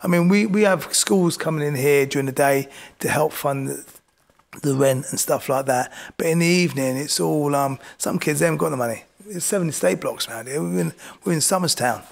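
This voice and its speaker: A man's voice: on the high side, fairly quick, gravelly. A male boxing coach, telling stories in a chatty way in an interview and acting out other people's voices as he goes. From England. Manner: chatty, keeps saying "do you know what I mean", acts out voices in his stories. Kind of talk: casual storytelling interview.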